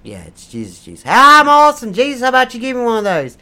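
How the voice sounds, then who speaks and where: A man voicing a crude, loud redneck churchgoer who rants and curses, with a put-on drawl. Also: very high voice, wildly swooping pitch, quick pace, exaggerated voice. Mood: rowdy. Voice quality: brash, profane, rambling. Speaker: comedic character. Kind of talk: improvised comedy role-play.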